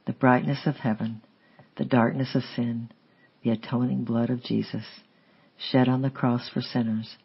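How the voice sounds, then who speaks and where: A man steadily reading a memoir aloud in a measured, unhurried way, on a slightly dull lo-fi recording. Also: medium pitch, level tone, creaky, husky. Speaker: audiobook reader. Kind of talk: memoir narration read aloud.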